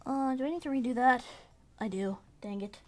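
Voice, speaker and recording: A woman's voice: high voice, fairly quick, a little mellow. A young woman streaming casual chat as she embroiders, bubbly and giggly, sometimes baby-talking. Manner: bubbly, giggly, baby-talks to her cat.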